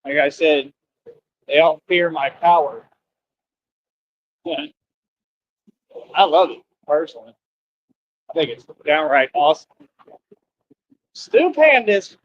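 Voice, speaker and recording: Streamer, man, boastful scornful rambling rant, slightly high voice, muffled lo-fi audio. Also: fairly even intonation, slow pace, pauses often, no echo.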